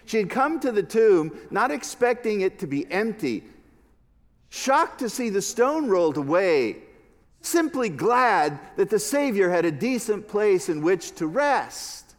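Expressive preaching man in a reverberant hall. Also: high-pitched, unhurried. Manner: expressive preaching, swings from hushed to emphatic. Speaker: pastor. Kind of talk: sermon.

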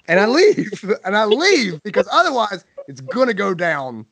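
A man's voice: high voice, big pitch swings, moderate pace, gravelly, fairly bright tone, breathy edge, no room sound. A man hosting a podcast in casual chat, acting out scenes with playful exaggeration. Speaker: podcast host.

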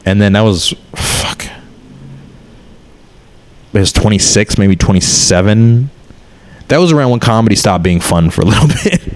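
A man's voice: on the low side, lively intonation, brisk. A man in his thirties, a comedian, talking candidly and rambling in a casual chat, swearing often.

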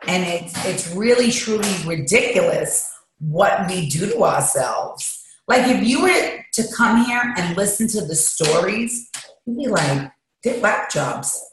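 A woman's voice: mid-range voice, lively intonation, measured pace, background noise. A woman guest speaking candidly and emotionally in an interview, recorded at a recovery treatment center. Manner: emotional, confessional, emphatic. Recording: very echoey room.

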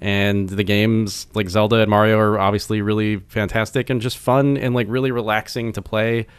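A man's voice: lowish voice, level tone, normal speed, smooth, no room sound. A young man hosting a podcast, chatting casually in a rambling, enthusiastic way with plenty of fillers. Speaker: podcast host. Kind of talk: casual chat.

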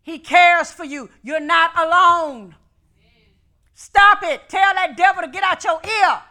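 Fervent woman preacher leading call-and-response, bright edgy tone, drops to a hush then shouts. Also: very high voice, takes it slowly. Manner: fervent, rhythmic, repeats phrases, swings from hushed to shouting.

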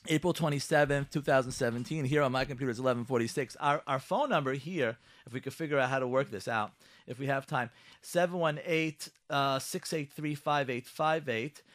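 A man hosting a live radio talk show, quick and animated, acting out heated quotes in his talk. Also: mid-range voice, no room sound.

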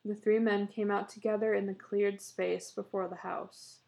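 A woman reads a short story aloud at a steady, measured pace. Her voice is gravelly, with a dark, mellow tone. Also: medium pitch. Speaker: narrator.

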